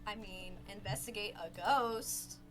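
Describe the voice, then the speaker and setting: A woman playing a tabletop game, excitable and stammering over her words. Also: medium pitch, a little slow, faint music behind. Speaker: player.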